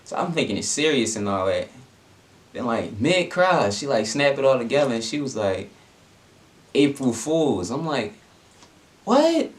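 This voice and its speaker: A man's voice: mid-range voice, animated, moderate pace. A young adult man telling a personal story in a casual vlog, laid-back and slangy, with lots of fillers. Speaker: vlogger.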